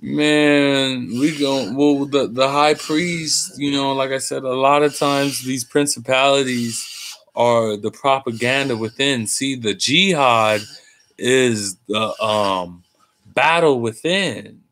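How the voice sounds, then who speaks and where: A man's voice: mid-range voice, steady tone, slow pace, fairly bright tone. A tired man talking in a casual, rambling monologue, cursing freely and using street slang. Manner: profane, meandering, street slang. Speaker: host.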